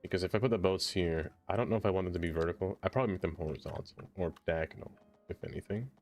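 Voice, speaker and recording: A man's voice: deep voice, quick pace, a little mellow. A man streaming a city-building game, chatting casually with viewers, laughing often and talking to himself as he builds. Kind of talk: casual live-stream chat while playing a city builder. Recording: faint music behind.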